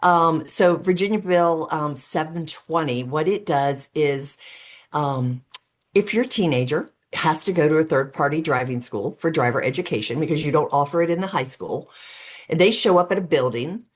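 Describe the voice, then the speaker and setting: A middle-aged woman speaking as a guest in a podcast interview. She explains things earnestly and step by step, often pausing on "um". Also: low voice. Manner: earnest and explanatory, with frequent um fillers; talks through steps as if laying out a case. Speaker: guest, road safety advocate.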